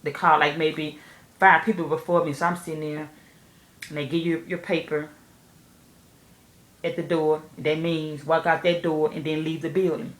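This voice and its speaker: A woman telling a story candidly to camera, animated and profane, speaking straight to her viewers. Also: sits low, normal speed, long pauses, echoey room. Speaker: nail technician vlogger.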